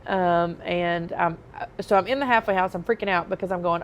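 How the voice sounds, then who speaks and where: A woman's voice: lowish voice, normal speed, lo-fi sound, a little hiss or hum. A woman, a podcast guest, candidly telling her own life story in a conversational way, often saying um and like. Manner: conversational, frequent "um" and "like".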